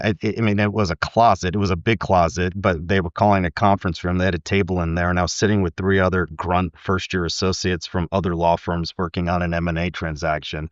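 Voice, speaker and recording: A middle-aged man from the United States, a guest telling his story in a thoughtful, candid way with soft laughs and frequent fillers. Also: sits low, dry recording, highs cut off. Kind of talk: reflective interview talk.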